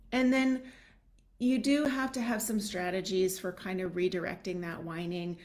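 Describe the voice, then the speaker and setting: A woman's voice: mid-range voice, a little mellow. A woman parenting coach giving casual advice to parents, straight to camera, often checking in with "right?". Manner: conversational, checks in with the listener with "right?". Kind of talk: direct-to-camera advice vlog.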